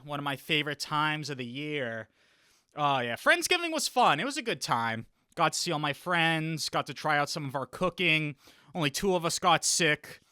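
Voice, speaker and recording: A man's voice: on the high side, pushed and bright, no room sound, studio quality. A young man hosting a podcast in a rambling, boastful casual chat, often laughing between thoughts. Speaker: podcast host.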